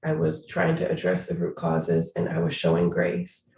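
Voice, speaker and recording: A man's voice: on the high side, very animated, normal speed, creaky, a little mellow, roomy sound. A man, a city prosecutor, talking earnestly and emphatically in an interview over a video call, repeating phrases for stress.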